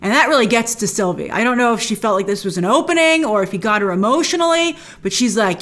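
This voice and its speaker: A woman's voice: fairly high pitch, lively intonation, a little fast, hardly any pauses, fairly bright tone. A woman hosting a TV episode recap, talking with gushing enthusiasm and retelling scenes in a chatty, casual way. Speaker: host.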